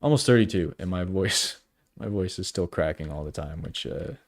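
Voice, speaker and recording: A man in his thirties thinking aloud while drawing on a live stream, halting and unsure, trailing off often, with dry self-mocking humor. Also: sits low, expressive, no echo. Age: 30s. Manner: wry self-deprecating humor.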